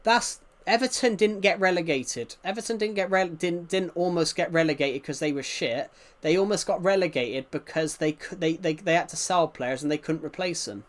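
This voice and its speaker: A man's voice: a little high, moderate pace, hardly any pauses. A man with an English-Welsh border accent, chatting casually on a livestream, rambling and answering viewers' comments.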